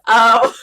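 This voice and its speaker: A woman co-hosting a podcast, ranting excitably and swearing a lot. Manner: excitable, sweary, acts out voices in rants. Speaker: podcast co-host. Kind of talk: casual podcast chat.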